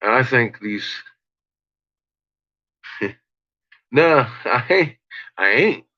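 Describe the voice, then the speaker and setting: Slow, bright-voiced frustrated man ranting. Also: medium pitch, animated. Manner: frustrated, swearing, slow rambling talk. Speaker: livestream host. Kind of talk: casual livestream rant. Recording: dull lo-fi sound with faint noise.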